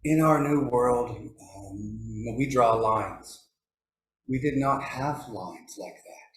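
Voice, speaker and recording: A man telling stories at a forestry workshop, pausing often with fillers and lifting his pitch when he quotes elders. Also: a bit bright, slight background noise. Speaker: workshop speaker. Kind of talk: storytelling talk. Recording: echoey room.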